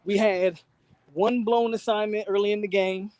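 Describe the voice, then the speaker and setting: A man hosting a live fan reaction stream, out of breath, talking in excited, repetitive slang outdoors in the wind. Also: high voice, normal speed, dry recording. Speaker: channel host. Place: outdoors, windy.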